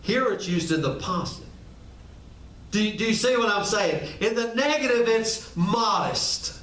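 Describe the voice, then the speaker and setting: A man's voice: high voice, lively intonation, a little slow, fairly bright tone. Male pastor, emphatic sermon delivery, echoey room recording. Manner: emphatic, repeats rhetorical questions. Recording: echoey room, mic at a distance.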